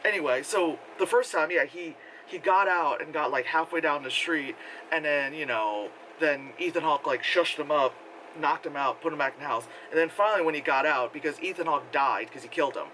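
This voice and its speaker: A man's voice: on the high side, a little fast, bright, forceful tone, rough recording. Rambling, sarcastic man reviewing a movie. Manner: rambling, sarcastic, full of fillers and mock quotes. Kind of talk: casual spoken review. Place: outdoors in wind. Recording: faint wind noise outdoors.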